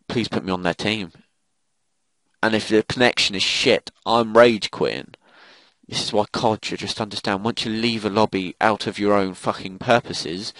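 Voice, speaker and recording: A man's voice: fairly low pitch, fairly bright tone, no room sound. A young man giving live commentary over a shooter game, swearing and ranting in frustrated outbursts. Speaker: gaming commentator.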